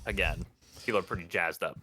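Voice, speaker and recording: A man with a deep, bright, forceful voice narrates quickly as dungeon master for a tabletop game. He's hesitant and full of ums, briefly voicing characters in passing.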